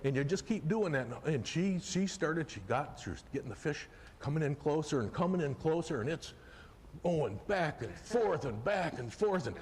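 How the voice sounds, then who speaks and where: Animated folksy male storyteller in a hall. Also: on the high side, moderate pace, a little hiss or hum. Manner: animated, folksy, swings from hushed to loud excitement. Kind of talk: live storytelling performance. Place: festival stage in a hall. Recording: live hall recording with long reverb, faint ambience.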